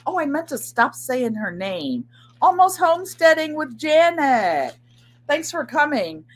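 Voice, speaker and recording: A woman's voice: sits high, sing-song, a little slow. An older woman hosting a sewing and crafts channel, chatting casually to viewers in a rambling way and often repeating herself. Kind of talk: casual live chat.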